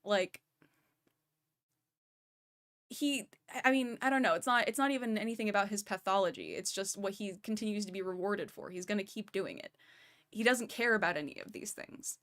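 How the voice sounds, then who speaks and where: A woman's voice: mid-range voice, normal speed, a bit bright. A woman streamer giving casual, analytical commentary on a voice chat clip and speaking straight to her chat. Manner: analytical, talks to chat directly.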